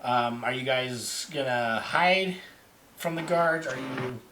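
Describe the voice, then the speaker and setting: A young man narrating a tabletop game as game master in an animated, halting way. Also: mid-range voice, a little hiss or hum.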